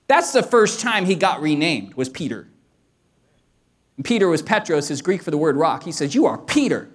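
A middle-aged pastor with a high voice preaches a sermon, telling humorous stories about home. When he gets excited, he rises to shouting.

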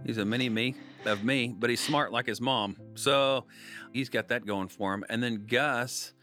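A man in his thirties telling family stories in a casual interview, animated and full of jokes. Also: medium pitch, normal speed, faint music behind. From Kansas, United States. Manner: animated, jokey storyteller. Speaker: singer-songwriter guest.

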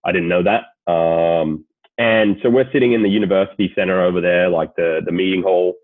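Australian guy, late 20s, low voice, laid-back, swears a lot, phone-quality audio. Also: fairly even intonation, a little fast, dry recording. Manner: laid-back, swears freely, many fillers. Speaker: guest, sports agent. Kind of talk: casual storytelling. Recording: tinny phone-like call audio.

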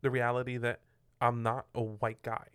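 A man's voice: mid-range voice, completely flat delivery, normal speed, fairly bright tone, clean tone. A man whose first language is Spanish, co-hosting a marriage podcast and talking earnestly with many restarts. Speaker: podcast co-host. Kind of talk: casual conversation.

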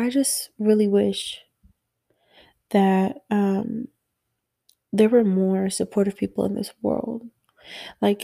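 A sleepy young woman musing softly and rambling in a late-night personal audio diary about being a mother. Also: mid-range voice, vocal fry, dry recording. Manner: slow, rambling, soft-spoken, yawning.

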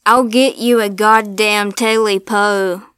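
A woman voicing a gruff, desperate old backwoods man in a spoken ghost story, shouting his lines. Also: fairly low pitch, level tone, slow, no room sound, clean studio sound. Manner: shouting, agitated.

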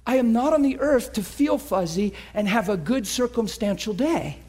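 A man preaching a sermon, telling a story with animated energy that swings from hushed to shouting. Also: extremely high pitch, moderate pace, breathy edge. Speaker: pastor.

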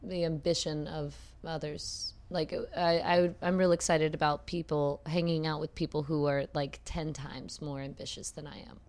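A woman from Texas, an improv comedian, chatting as a podcast guest in a relaxed, slightly hesitant way. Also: deep voice, normal speed, hardly any pauses, slight background noise. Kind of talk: casual interview chat.

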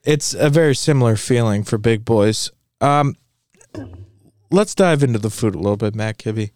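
A man's voice: medium pitch, lively intonation, a little mellow, no room sound, studio quality. A man co-hosting a casual podcast chat, joking and self-mocking as he tells stories. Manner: jokey, self-mocking, drawn-out storytelling. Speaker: podcast co-host.

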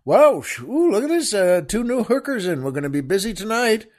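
Cheeky bawdy male parrot, offhand casual lines, slightly raised pitch, as a man puts him on. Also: sing-song, brisk, a little mellow.

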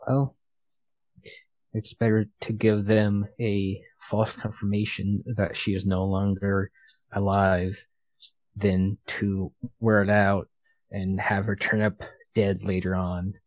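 A man playing a character in a tabletop game, calm and matter-of-fact. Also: fairly low pitch, takes it slowly, dry recording, rough recording. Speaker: player. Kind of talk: in-character tabletop role-play.

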